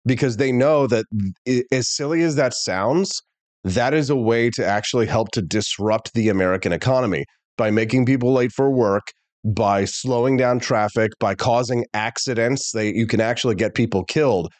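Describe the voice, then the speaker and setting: A male talk show host delivering an animated, opinionated monologue straight to viewers. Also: medium pitch, normal speed, no echo.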